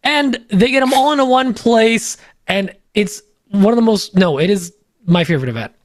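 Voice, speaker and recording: A man's voice: sits high, animated, moderate pace, no room sound, clean studio sound. Upbeat, joking man reading sponsors. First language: Polish. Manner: upbeat, joking, loose with fillers. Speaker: podcast co-host reading sponsor spots. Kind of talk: casual ad read on a podcast.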